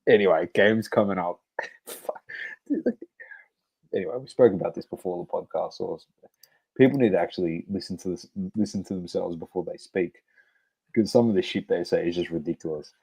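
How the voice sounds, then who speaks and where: Low, mellow-voiced man. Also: normal speed, vocal fry, slightly rough. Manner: blunt, sweary, animated football banter. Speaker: podcast co-host. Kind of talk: casual sports chat.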